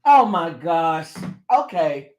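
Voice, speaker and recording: A woman's voice: deep voice, very animated, takes it slowly, a little mellow, highs cut off. A woman hosting a casual livestream chat, playful and teasing, laughing often as she talks to her viewers. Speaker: livestream host.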